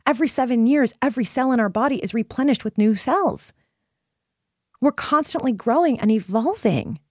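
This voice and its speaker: A woman's voice: fairly high pitch, animated, normal speed, a little mellow, breathy edge, no room sound, studio quality. A woman hosting a personal self-help podcast, coaching listeners in an earnest, emphatic way. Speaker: podcast host.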